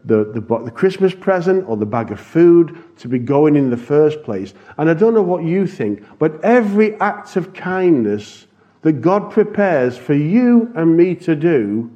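A man's voice: a little high, very animated, measured pace, warm tone. Earnest man sharing a church testimony. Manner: earnest storytelling with restarts. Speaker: church missions speaker. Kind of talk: heartfelt testimony to a congregation. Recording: dull lo-fi recording.

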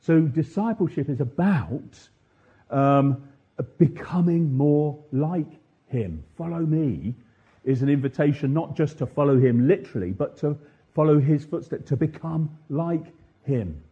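A man preaching an interactive Sunday sermon in church, asking his listeners questions and slowing down to stress the verses he quotes. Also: on the high side, husky, dull audio. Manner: asks the congregation questions, pauses with ums.

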